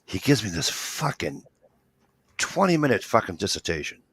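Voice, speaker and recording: A regular on the show, this man speaks at a moderate pace in a lowish voice with vocal fry and a breathy edge. He tells long, animated stories in casual conversation, playing out each person's lines and swearing without restraint.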